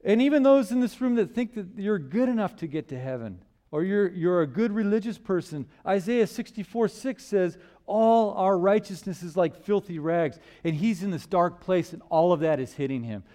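Male preacher, slightly high voice, emphatic sermon delivery with rhetorical questions, from loud stress to near murmurs. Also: animated, normal speed, hardly any pauses. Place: church.

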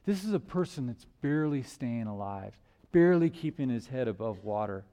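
A man preaching a sermon in church, asking rhetorical questions and swinging between loud emphasis and hushed lines. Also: mid-range voice, very animated, moderate pace.

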